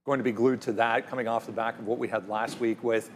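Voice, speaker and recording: A man's voice: medium pitch, quick pace. A man with a mid-range voice hosting a live stock show. He walks through the morning's corporate and economic news steadily, with plenty of "uh" fillers, over a faint background hiss. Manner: steady, informative, many fillers. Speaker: stock market show host. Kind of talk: live market news rundown.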